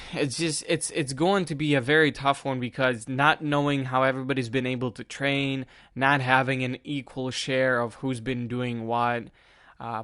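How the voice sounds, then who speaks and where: A man's voice: mid-range voice, a bit bright, clear, resonant tone, dry recording, clean studio sound. A man hosting a casual solo sports podcast, rambling and chatty, often laughing at himself. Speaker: podcast host.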